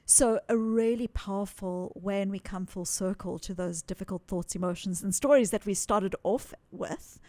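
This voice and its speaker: A woman guest in an interview, explaining ideas in an earnest, animated way and repeating words for emphasis. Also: mid-range voice, no echo. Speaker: psychologist guest.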